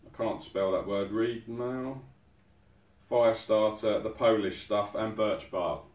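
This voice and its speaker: A man's voice: on the low side, steady tone, takes it slowly, a little mellow. A man hosting an outdoors channel, chatting casually through an unboxing and exclaiming in amazement at each item. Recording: roomy sound from a distant mic.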